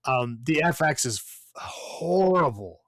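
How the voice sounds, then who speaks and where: A man's voice: fairly high pitch, lively intonation, slow pace, a bit bright, no room sound, studio quality. Blunt, profane man reviewing movies. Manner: blunt, profane, rambling with many fillers. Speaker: podcast co-host. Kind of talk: casual movie review chat.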